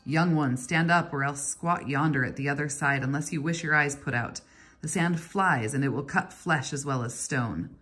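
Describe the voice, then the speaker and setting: Kindly old stonecutter guy from a storybook, low husky voice, a lady reading him. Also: normal speed, a bit bright, soft background music. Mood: warning. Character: old male stonecutter, scarred hands, kindly and wry.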